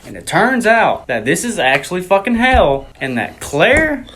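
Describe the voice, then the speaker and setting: A man's voice: high-pitched, very animated, a little slow, a bit bright. A man co-hosting a movie review in casual chat, speaking bluntly, swearing freely and cutting in to add plot details.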